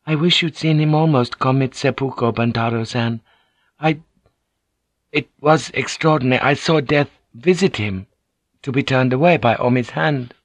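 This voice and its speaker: A male reader voicing a poised, courteous samurai noblewoman who speaks softly and formally. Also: medium pitch, normal speed, dry recording, voice pushed up, natural voice. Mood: polite. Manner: soft, formal and deferential.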